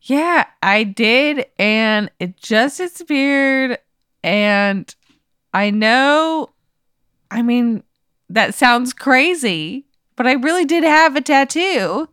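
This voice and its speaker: High, lively woman improvising. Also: slow, smooth, dry recording, studio quality. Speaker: improv guest. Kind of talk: improvised comic role-play.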